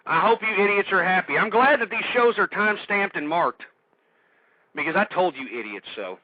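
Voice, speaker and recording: A man hosting a radio show, ranting angrily and shouting insults at his listeners. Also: high voice, animated, normal speed, no room sound, dull audio. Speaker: radio host. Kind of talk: angry political rant.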